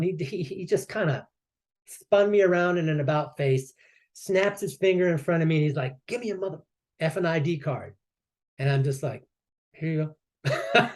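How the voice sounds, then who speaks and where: A man, a Navy veteran guest on a podcast, telling a story casually and acting out the voices of the people in it. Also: a little high. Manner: lively, acts out quoted voices and chuckles between lines.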